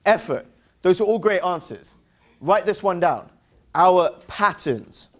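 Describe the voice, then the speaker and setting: Speaking slowly in a high, bright voice, an English seminar presenter keeps his motivational talk lively and interactive. He pushes call-and-response yes-or-no questions on the crowd and slips in teasing humor.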